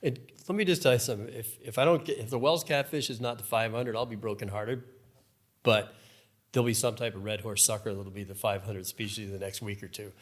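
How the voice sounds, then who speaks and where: A man's voice: lowish voice, fairly quick. A man in his fifties, a professional angler, telling stories in a casual podcast conversation and acting out the people in them. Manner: storytelling, animated, acts out voices. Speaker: guest, professional fly fishing angler.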